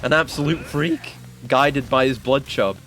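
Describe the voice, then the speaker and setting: A man's voice: mid-range voice, unhurried. A man giving casual let's-play commentary on a video game, yelping and swearing when the game surprises him. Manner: excitable, yelps and swears at the game. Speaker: gaming streamer.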